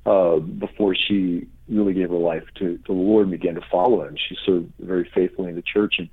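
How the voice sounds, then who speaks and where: A man's voice: brisk, slightly rough. A middle-aged man, a pastor, telling healing stories in an interview and acting out the people he quotes. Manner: animated storyteller, acts out quotes with high pitch jumps. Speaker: pastor and author, guest. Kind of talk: conversational interview, storytelling. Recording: tinny phone-line audio.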